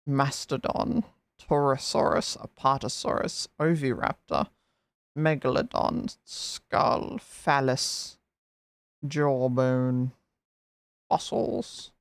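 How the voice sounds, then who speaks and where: Slow, gravelly streamer calling out single words. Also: medium pitch, no room sound. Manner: slow, one-word guesses with long pauses.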